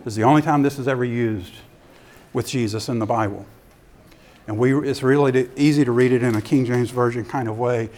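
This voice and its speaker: Guy giving a sermon talk, medium voice, animated storyteller. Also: medium pitch, a little fast. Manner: animated storyteller who acts out scenes. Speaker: ministry speaker.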